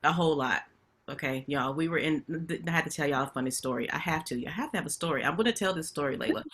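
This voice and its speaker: Lively bright-voiced woman webinar host. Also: low-pitched, quick pace. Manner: chatty storytelling, addresses audience directly. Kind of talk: casual webinar talk. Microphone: video call.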